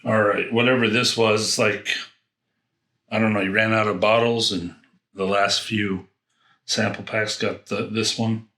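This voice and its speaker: A man's voice: on the low side, flat delivery, unhurried, bright, forceful tone, reverberant. A man reviewing fragrances in a casual unboxing, rambling and thinking aloud with frequent restarts.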